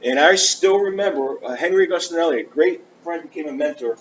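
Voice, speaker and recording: A man's voice: a little high, brisk. Earnest man preaching a testimony. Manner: earnest, animated, acts out conversations. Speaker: preacher giving his testimony. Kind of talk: storytelling sermon. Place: church. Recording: dull lo-fi church recording with faint hiss.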